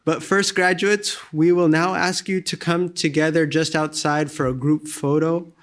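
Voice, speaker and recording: A man's voice: a little high, level tone, unhurried. Man closing a graduation ceremony. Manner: warm, thankful, announcing. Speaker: ceremony host.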